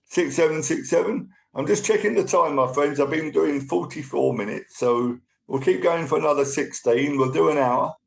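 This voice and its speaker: A man's voice: on the high side, moderate pace, creaky, hardly any pauses, rough recording. A man hosting a casual live stream, chatting to viewers and thanking them by name as they join.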